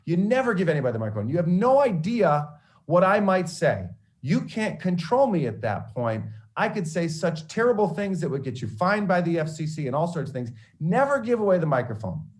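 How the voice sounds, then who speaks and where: A man's voice: sits high, sing-song, normal speed, pitched above the performer's own voice. A man playing his stern old TV teacher, lecturing emphatically. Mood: scolding. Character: stern male TV teacher scolding a student.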